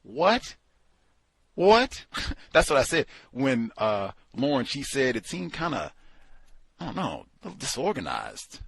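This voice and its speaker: A man hosting a book club discussion, talking in an animated, incredulous way, with sarcastic asides. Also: mid-range voice, moderate pace, vocal fry, slightly rough, dry recording. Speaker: podcast host.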